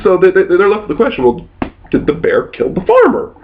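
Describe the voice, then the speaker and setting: A man's voice: sits high, wildly swooping pitch, brisk, phone-quality sound, a little hiss or hum. A man recounting a tabletop game session as its game master, telling it casually and rambling with frequent restarts and mild swearing.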